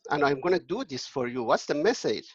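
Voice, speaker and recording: A man voicing a wealthy, kindly male merchant who loves his parrot, speaking in an earnest, halting way. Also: fairly high pitch, very animated, husky, dry recording, muffled recording.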